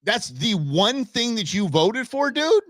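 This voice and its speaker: A man hosting a live stream, talking in a loose, rambling way full of restarts and jokey asides. His pitch swings up and down a lot as he gets worked up. The sound is close and dry, with no room echo. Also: very animated, a little slow, a bit bright. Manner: jokey, opinionated banter. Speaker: host of a live election-night stream. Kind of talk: casual live-stream commentary.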